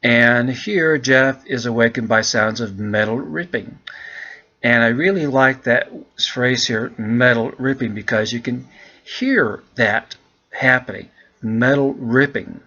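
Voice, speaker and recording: A man teaching English, walking students through an essay in a relaxed, chatty way and calling them "guys". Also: medium pitch, slow pace, dull audio. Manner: relaxed, chatty, keeps addressing the class as "guys".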